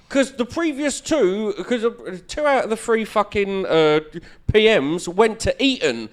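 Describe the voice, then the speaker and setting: A comedian hosting a political chat show, blunt and profane, ranting about politics. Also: male voice, sits high, expressive, moderate pace, hardly any pauses. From England. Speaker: comedian and podcast host.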